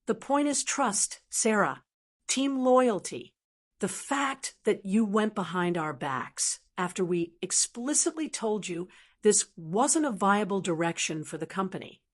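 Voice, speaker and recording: A woman's voice: mid-range voice, expressive, unhurried. A woman voicing a stern female corporate boss who speaks in a clipped, cold and threatening way. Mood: angry.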